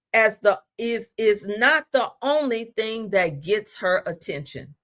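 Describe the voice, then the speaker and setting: Emphatic woman teaching, slow deliberate delivery. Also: mid-range voice, animated. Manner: preacherly, emphatic, reads declarations aloud; self-aware of talking fast. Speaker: spiritual teacher. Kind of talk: inspirational teaching talk.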